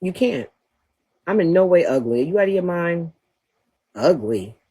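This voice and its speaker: A woman's voice: lowish voice, lively intonation, moderate pace, dark tone, slightly rough. A woman hosting a livestream, talking bluntly and profanely in a trash-talking rant, breaking into laughter often. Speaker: livestream host.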